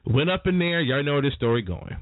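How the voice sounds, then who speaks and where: Lively man hosting radio. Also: a little high, a little fast, dry recording. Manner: animated, chatty, laughs while telling stories. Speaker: morning radio host. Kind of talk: casual radio talk and storytelling. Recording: dry, tinny phone-like sound.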